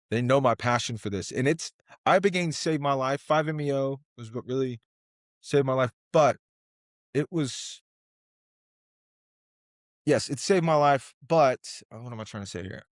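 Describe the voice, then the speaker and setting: A man's voice: medium pitch, measured pace, long pauses, no echo. Passionate man telling his story, dry. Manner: passionate, earnest, rambling storytelling. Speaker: podcast guest. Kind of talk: casual interview conversation.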